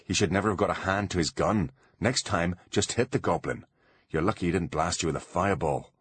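Gruff stern bodyguard, deep, husky and curt, as a male narrator plays him; storybook audiobook. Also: brisk, fairly bright tone. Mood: grumbling. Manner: curt, commanding.

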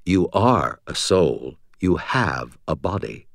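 Calm wise angel guy, narrator doing him, low steady voice, dry close sound. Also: takes it slowly, dry recording, exaggerated voice. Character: calm, gently amused male angel. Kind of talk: audiobook character voice.

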